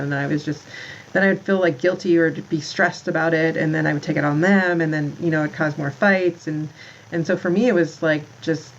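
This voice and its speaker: A woman's voice: deep voice, highs cut off, a little hiss or hum. A woman in her thirties, a podcast guest, talking in a rambling way about motherhood, full of "like" and restarts. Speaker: podcast guest, founder of a moms' community. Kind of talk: casual interview talk.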